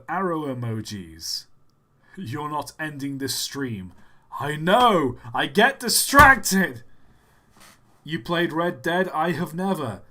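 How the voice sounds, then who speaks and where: Bright-voiced man chatting on a slow live stream. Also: medium pitch. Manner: rambling, jokey, laughs often. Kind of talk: casual live-stream chat reading viewer comments.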